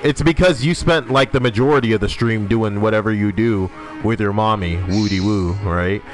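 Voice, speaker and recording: A man's voice: lowish voice, normal speed. A young man streaming a game, rambling casually, swearing, and laughing at his own jokes while reading chat. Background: music.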